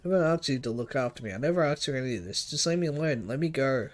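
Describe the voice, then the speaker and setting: A man's voice: mid-range voice, expressive, rapid-fire, lightly acted. A man voicing a frightened young man who pleads in a raised, strained, wavering voice. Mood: desperate.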